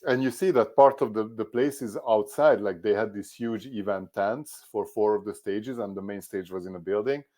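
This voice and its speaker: Chatty man, a little low-pitched. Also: normal speed, hardly any pauses. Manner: animated storyteller, many restarts. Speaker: podcast co-host. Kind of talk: casual conversation.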